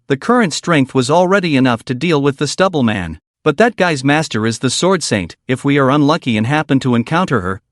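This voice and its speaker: Man narrating a story recap; somewhat high, animated pitch, dry booth sound. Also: no echo.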